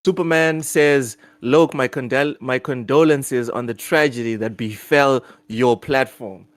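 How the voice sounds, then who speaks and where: A man's voice: medium pitch, measured pace, no echo. A man hosting a casual gaming podcast, giving a playful, mock-grand introduction. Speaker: podcast host.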